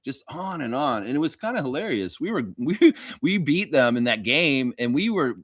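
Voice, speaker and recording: Male livestream host, casual and animated, bright and forceful voice, dry close sound. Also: medium pitch, no echo. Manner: animated, profane, talks to chat viewers. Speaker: fan show host.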